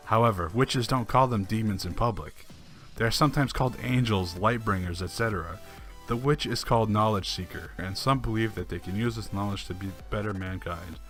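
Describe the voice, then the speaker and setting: A man's voice: fairly low pitch, a little fast, fairly bright tone. A man reading old forum posts aloud and commenting on them with dry, sarcastic asides and frequent chuckles. Faint music plays behind him. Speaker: online commentator.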